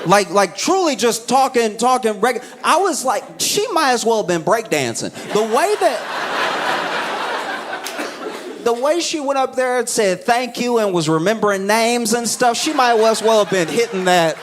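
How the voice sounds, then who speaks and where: A man's voice: very high voice, normal speed, heavy background noise. A stand-up comedian telling a story on stage, acting out voices and laughing as he talks. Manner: animated, acts out voices, laughs through lines.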